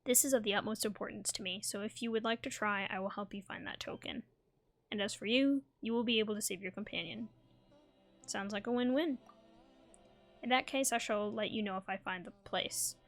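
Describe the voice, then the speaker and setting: A woman's voice: medium pitch, a little fast, soft background music, close to an everyday voice. Girl reading a polite formal scholar guy, keeps apologizing, plain voice. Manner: formal, courteous phrasing. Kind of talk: reading game dialogue aloud.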